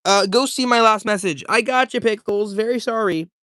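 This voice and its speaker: A man's voice: high voice, normal speed, pushed and bright, no echo, studio quality. A young man casually chatting with his livestream viewers at home, loose and rambling, peppering his talk with dude and bro. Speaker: livestreamer reading chat.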